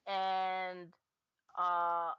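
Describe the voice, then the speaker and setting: Bright-voiced woman game master. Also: lowish voice, monotone, very slow, clear, resonant tone, dry recording, dull audio. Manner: hesitant, many fillers and self-corrections. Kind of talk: narrating a tabletop game.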